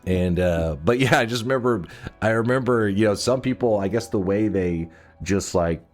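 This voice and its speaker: A man with a lowish voice chats through a personal story while he plays, drifting, cursing casually and cutting himself off. Faint game music sits quietly in the background. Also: normal speed. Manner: rambling, profane, self-interrupting. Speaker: streamer.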